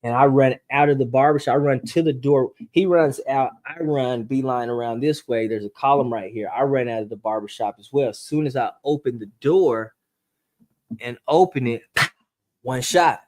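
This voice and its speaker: A man telling a true story as a podcast guest, acting it out with sound effects and speeding up and rising in pitch when the tension builds. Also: normal speed. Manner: animated storyteller, acts out voices and gunshots; speeds up and rises in pitch at tense moments.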